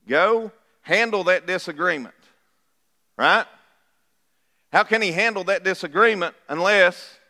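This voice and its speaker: In a church sanctuary, a middle-aged pastor speaks to his congregation in a high, bright, forceful voice. He preaches in a folksy, chatty manner, asking the people questions along the way, and the sound echoes like a reverberant church hall.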